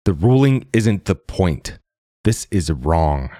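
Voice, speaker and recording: A man's voice: deep voice, sing-song, takes it slowly, mellow, no room sound, studio quality, heavily acted. A man voicing a stubborn, defiant old woman scientist who talks insistently in a storybook reading. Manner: insistent, urgent.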